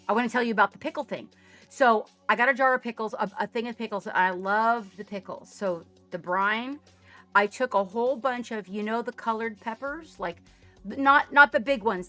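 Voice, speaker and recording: Bubbly woman streamer, higher voice with a bright edge, chatty and self-mocking, over faint music. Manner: bubbly, chatty, laughs at herself. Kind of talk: casual live-stream chat. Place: home studio.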